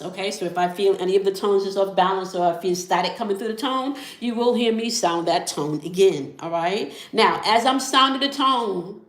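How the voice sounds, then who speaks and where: A woman leading a spiritual tarot and sound-healing session, calm and instructive, often checking in with the listener. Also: medium pitch, echoey room. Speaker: spiritual reader.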